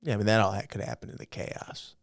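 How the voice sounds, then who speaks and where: A man co-hosting a podcast, chiming in with relaxed, joking remarks. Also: fairly low pitch, fast, no room sound, clean studio sound. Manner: chiming in, joking, laid-back. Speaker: podcast co-host. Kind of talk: casual podcast banter.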